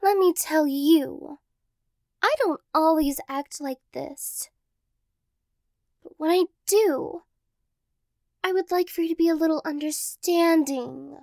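A woman's voice: sits high, slow pace, pauses often, no room sound. A young woman voicing a playful, clingy girlfriend in a role-play audio, teasing and playfully dramatic, close to the mic.

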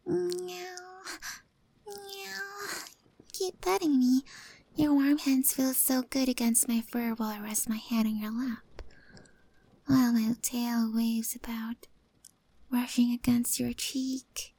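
A young woman voicing an affectionate, devoted cat girl in a whispered role-play, speaking softly and breathily with little meows. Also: high-pitched, fairly even intonation, slow, pauses often, full character voice. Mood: tender. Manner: soft, breathy, adoring, meows between lines.

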